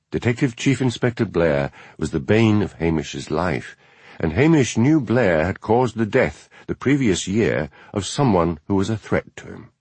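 A man reading a novel aloud as narrator, in measured storytelling. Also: low-pitched, lively intonation, a little mellow, slightly rough, no room sound. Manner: measured storytelling, voices each character. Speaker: audiobook narrator. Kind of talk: scripted narration.

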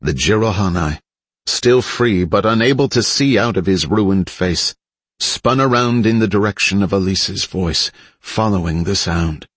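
A man reading a story aloud as scripted narration, with a measured, dramatic storytelling delivery. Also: low voice, slightly rough, no room sound. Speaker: audiobook narrator.

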